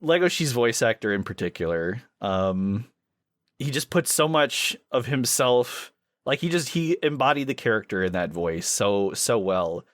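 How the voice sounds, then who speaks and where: An enthusiastic man co-hosting a casual chat podcast, now and then slipping into quick impressions of the lines he quotes. His voice sits at an ordinary middle pitch. The sound is dry and close, with no room around it. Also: sing-song, no echo. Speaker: podcast co-host.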